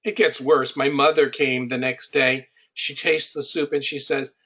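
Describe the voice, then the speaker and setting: A man's voice: medium pitch, little pitch movement, a little slow, fairly bright tone. A middle-aged man coaching an audience on building an online business. He teaches through personal stories and speaks in a conversational, anecdotal way, hitting his key points with emphasis.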